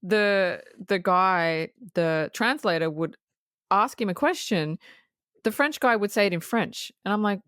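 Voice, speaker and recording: A woman co-hosting a podcast, chatting casually about a film, animated and swearing freely with laughs between remarks. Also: on the low side, moderate pace, dry recording, clean studio sound. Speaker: podcast co-host. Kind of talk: casual film review chat.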